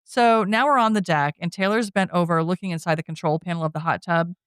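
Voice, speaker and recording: A woman podcast host casually retelling a film plot, chatty and quick to laugh. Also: fairly low pitch, fairly bright tone, smooth, no echo, clean studio sound.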